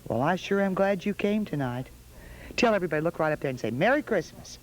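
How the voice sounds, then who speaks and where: A woman's voice: fairly low pitch, lively intonation, quick pace, rough recording. A woman hosting a holiday television show in a studio, coaxing small children with sing-song questions. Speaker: television host.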